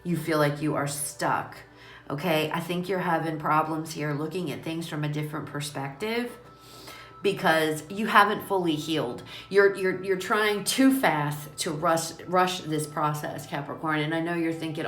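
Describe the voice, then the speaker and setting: A woman with a low voice gives a casual tarot reading, chatty and emphatic, and often repeats herself as she talks straight to her listeners. Her nose is runny and her eyes are watering. She is recorded in an echoey small room with faint music behind her. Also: a little slow, a bit bright. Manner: chatty, repetitive, emphatic, addresses listeners directly. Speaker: tarot reader.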